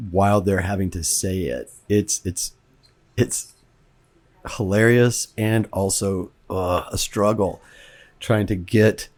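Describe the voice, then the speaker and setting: With a deep, slightly mellow voice, this Kentucky-born American filmmaker walks through his own film in loose, chatty commentary. He rambles and repeats words while working out his thoughts.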